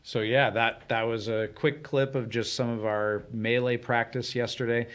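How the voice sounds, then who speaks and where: A man co-hosting a casual chat on a community TV show, explaining in a relaxed way with many fillers. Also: medium pitch, moderate pace, clean tone. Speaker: co-host. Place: community TV studio.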